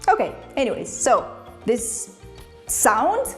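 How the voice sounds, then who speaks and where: Lively, playful woman teaching English. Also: a little high, takes it slowly, faint music behind. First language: Ukrainian. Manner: playful, laughs often, imitates animal sounds. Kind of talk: casual video lesson.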